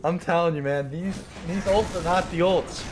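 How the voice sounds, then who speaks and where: A man's voice: on the high side, normal speed. A man co-casting a video game match, breaking down plays in a matter-of-fact way. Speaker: co-caster. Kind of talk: casual game commentary. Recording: background noise.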